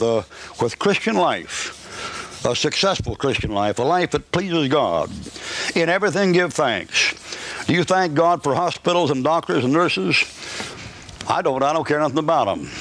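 Folksy joking preacher with a high voice. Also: male voice, a bit bright. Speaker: pastor. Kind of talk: live sermon to a congregation. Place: church service.

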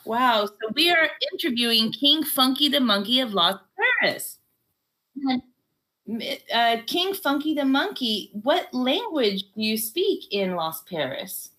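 Woman, bright and sharp, very animated, theatrical reporter tone for a pretend kids' interview. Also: high voice, a little slow. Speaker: mock interviewer in an improv exercise. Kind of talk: playful pretend TV interview with a child.

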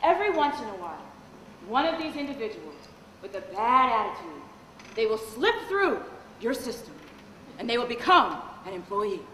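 A woman, a lawyer and corporate trainer, giving a lively live training talk and questioning the audience. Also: high-pitched, a little hiss or hum. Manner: animated, engages the audience with questions. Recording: echoey hall with long reverb.

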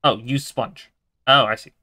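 A man's voice: mid-range voice, steady tone, a little slow, pushed and bright, no room sound, studio quality. A young man giving casual, swearing let's-play commentary while he plays a game. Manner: chatty, swears casually, talks to himself. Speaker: gaming video creator.

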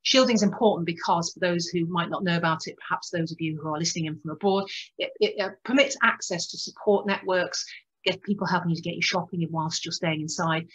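A woman's voice: lowish voice, breathy edge, dull audio. A woman doctor gives a conversational talk to patients, stopping and restarting phrases as she goes. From United Kingdom. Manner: conversational with many restarts and fillers. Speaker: respiratory doctor giving a conference talk. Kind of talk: presentation to patients.

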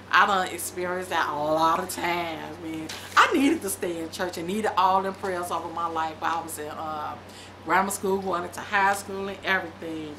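Chatty, bright-voiced middle-aged woman. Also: medium pitch, a little hiss or hum. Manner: chatty, animated storytelling with loose casual grammar. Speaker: vlogger. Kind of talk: casual chat and reading aloud from a book.

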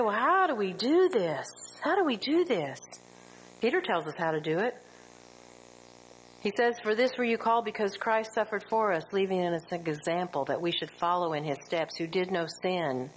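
A middle-aged woman teaching a women's Bible study, lively and full of rhetorical questions, sometimes acting out quotes. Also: mid-range voice, a little hiss or hum, low-quality recording.

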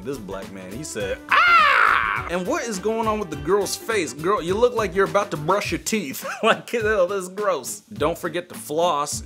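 A young man hosting a comedy reaction video, animated, laughing often and jumping into high squeals. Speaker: YouTube reaction host. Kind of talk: casual reaction commentary. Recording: music playing behind the voice. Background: background music.

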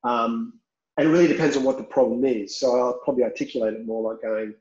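A man's voice: medium pitch, fairly even intonation, fast talker, a little mellow, a little hiss or hum. A man, a film director talking frankly in an interview and swearing casually. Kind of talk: candid interview talk. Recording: roomy, slightly dull recording.

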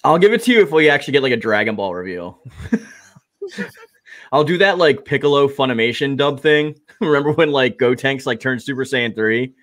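A man's voice: medium pitch, lively intonation, fast talker, few pauses, a bit bright. A man hosting a live stream, chatting casually and rambling with lots of fillers. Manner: rambling, filler-heavy "like" talk. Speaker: streamer host.

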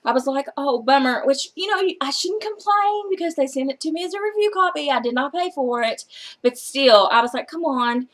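An excitable woman vlogger with a somewhat high voice talks loosely through a book haul. She gushes over what she loves and drops the odd casual curse, all in easy chat. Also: brisk. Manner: chatty and excitable, gushing, casual swearing.

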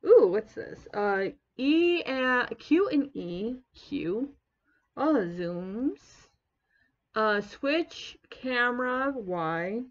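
A woman's voice: a little high, lively intonation, very slow, muffled recording. A woman giving bubbly, giggly, chatty commentary while playing a video game. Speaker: gaming YouTuber. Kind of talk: casual let's-play commentary.

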